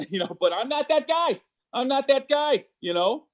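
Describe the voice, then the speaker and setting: Male stand-up comic on a video call; high voice, halting delivery, lots of ums. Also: lively intonation. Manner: halting, stammering delivery with many fillers. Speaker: stand-up comedian. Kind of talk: stand-up set on a virtual show. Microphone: computer mic on a video call.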